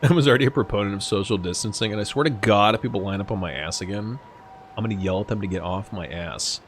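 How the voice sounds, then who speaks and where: Here a young gamer rambles through live-stream chatter after a few drinks, swearing freely and laughing a lot. He speaks fast in a lowish voice, and there's a little background noise.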